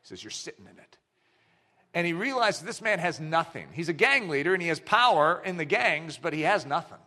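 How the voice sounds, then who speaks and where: A man preaching a sermon, telling a story with acted-out dialogue in an animated way. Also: on the high side, a little fast.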